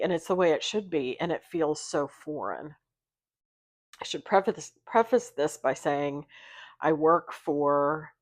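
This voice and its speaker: A woman's voice: deep voice, no room sound, clean studio sound. A sick woman in a candid, rambling vlog, talking with many fillers. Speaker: vlogger and therapy intern. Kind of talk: casual confessional vlog.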